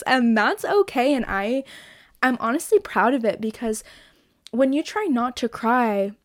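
A woman's voice: fairly high pitch, dry recording, studio quality. A young woman hosting a casual solo podcast, talking candidly with lots of "like" fillers and casual swearing. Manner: candid, chatty, swears freely, many "like" fillers. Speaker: podcast host.

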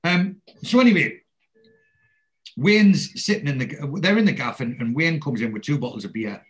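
A man's voice: fairly high pitch, animated, normal speed. A man recapping a TV episode in casual chat. He rambles as he tells the story and keeps restarting his sentences.

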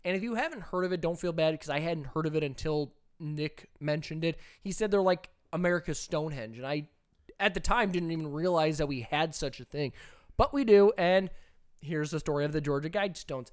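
A man co-hosting a podcast, telling a story in casual chat with animated, emphatic delivery. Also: a little high, fairly quick, clean tone. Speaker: podcast co-host.

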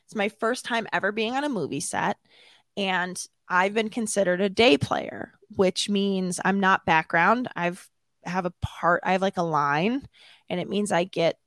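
A woman telling a self-mocking story as an interview guest, animated and laughing often. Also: medium pitch, unhurried, dry recording.

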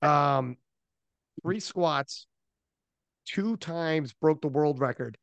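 A man hosting a podcast, telling stories in animated, profane casual chat on a close mic. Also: on the high side, extremely slow, no room sound. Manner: animated storyteller, loose and profane. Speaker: podcast host.

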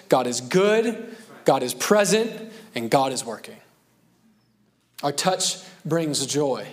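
A man in his thirties preaching a sermon as pastor, earnest and conversational, with self-deprecating asides. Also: on the high side.

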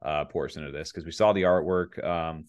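A man's voice: rumbling low, fairly even intonation, normal speed, clean tone. A man co-hosting a podcast in a casual, rambling way, with many fillers. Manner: rambling, laid-back, many fillers and laughs. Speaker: podcast co-host.

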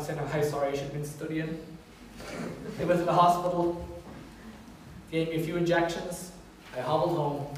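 A middle-aged man with a high, light voice, preaching in a big church. He tells stories with lively self-mockery, and his voice rings through a very echoey hall, heard from some distance. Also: slight background noise. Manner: storytelling preacher, animated and self-mocking. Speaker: pastor. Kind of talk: sermon.

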